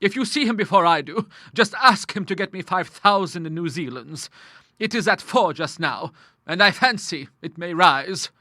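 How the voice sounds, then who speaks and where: A man's voice: high voice, expressive, normal speed, no room sound, studio quality, pitched above the performer's own voice. A man putting on a stern, grim older woman. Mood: brisk. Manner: forceful, scornful, emphatic. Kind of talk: audiobook character voice.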